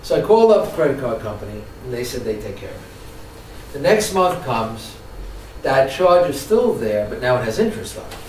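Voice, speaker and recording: Delivering a training workshop to people in the room, a man tells lively stories and asks his listeners questions. His pitch is medium and his pace moderate, and the distant mic picks up echo plus a little hiss or hum.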